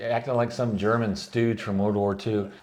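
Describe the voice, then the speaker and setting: A man's voice: on the low side, normal speed. A man co-hosting a casual podcast, recapping a TV episode and acting out the characters' lines. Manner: animated, acts out quoted lines in put-on voices. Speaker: podcast co-host.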